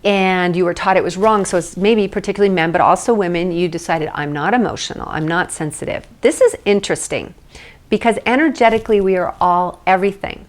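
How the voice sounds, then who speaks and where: A woman teaching an emotional tapping session, explaining at length in a chatty way with light asides, then guiding slow repeat-after-me statements. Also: mid-range voice. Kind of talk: guided tapping lesson. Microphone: phone or camera mic.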